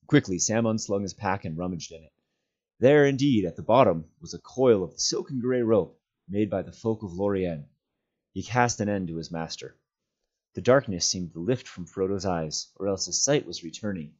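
A man reads a novel aloud in a steady, measured way. His voice sits low. The recording sounds dull and lo-fi. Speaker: volunteer reader.

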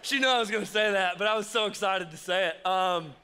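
A man's voice: high voice, brisk, pushed and bright. A young man, preaching a casual, joking youth sermon and talking straight to the crowd. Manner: chatty, joking, addresses the crowd directly. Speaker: youth pastor.

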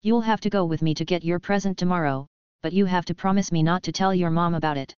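A calm young wizard boy with a wry edge, as a woman narrator reads him. His voice sounds smooth and fairly low, and it is recorded dry with a slightly dull, lo-fi tone. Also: fast talker, no echo, lightly acted.

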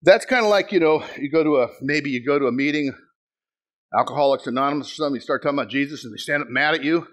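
A middle-aged male pastor preaching a sermon, telling stories with sudden shouted bursts and acted-out quotes. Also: mid-range voice, fast. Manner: animated storytelling, bursts into shouts, acts out quotes.

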